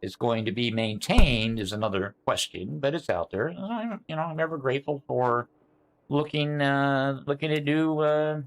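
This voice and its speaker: A man's voice: medium pitch, moderate pace. An older man, rambling casually to his live-stream chat with many fillers and restarts, answering viewers by name. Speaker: sim racing streamer.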